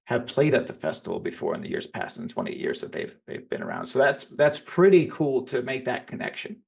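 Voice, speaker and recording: A man's voice: mid-range voice, very animated, fairly quick, gravelly. A man co-hosting a casual podcast chat about films, rambling and often restarting his sentences. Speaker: podcast co-host.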